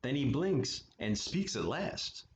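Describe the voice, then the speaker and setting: A man reading a children's picture book aloud at story time, with relaxed, chatty asides. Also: mid-range voice, slow, slight background noise. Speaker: story time reader for an art studio. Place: art studio.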